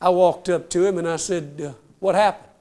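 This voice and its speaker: An older man with a drawl tells stories in a folksy, self-mocking way. His voice sits high for a man and keeps calling out to the crowd. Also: fairly even intonation, fairly quick, darkish tone. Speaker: comedian telling trooper stories. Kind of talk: stand-up storytelling.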